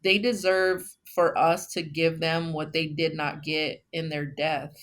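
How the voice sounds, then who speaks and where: A woman from Texas, founder of a memorial, telling her story earnestly in a casual interview with many pauses. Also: low voice, little pitch movement, fairly bright tone.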